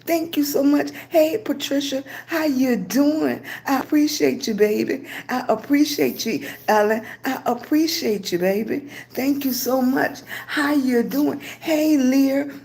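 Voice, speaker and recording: A woman's voice: high-pitched, a little slow, vocal fry, darkish tone. An older woman from Virginia hosting a casual livestream, greeting viewers by name and giving motivational talk. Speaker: livestream host.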